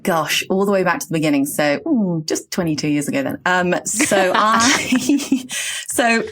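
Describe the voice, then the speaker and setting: Lively English woman telling stories. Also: fairly low pitch, measured pace. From south of England. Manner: animated, laughing, does lively voices in anecdotes. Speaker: guest, sports broadcaster. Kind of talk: casual podcast chat.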